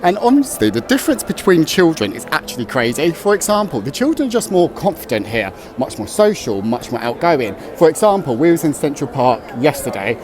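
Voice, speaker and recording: A man's voice: a little high, a little fast, hardly any pauses, music in the background. A British man living abroad, telling stories about kids in a casual vlog to camera. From United Kingdom. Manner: animated storytelling with voiced quotes. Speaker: expat content creator.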